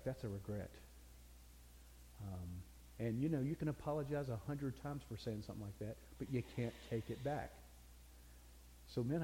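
A man's voice: on the high side, dark tone, slight background noise. Brief: older male pastor, folksy storytelling sermon, echoing hall.

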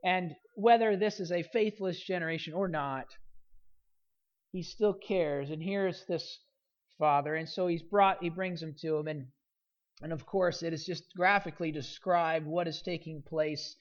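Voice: mid-range voice, unhurried, highs cut off. A pastor preaching a sermon in an earnest manner, with frequent restarts and rising emphasis.

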